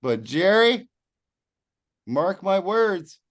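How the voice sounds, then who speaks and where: A man's voice: high-pitched, sing-song, extremely slow. A man co-hosting a rock podcast in casual chat, blunt and swearing freely, joking with his co-host. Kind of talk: casual chat about music.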